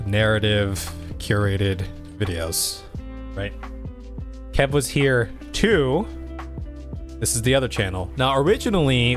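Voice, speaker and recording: A man hosting his own channel, casually talking through plans and thinking aloud to his viewers. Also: medium pitch. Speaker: streamer and channel host.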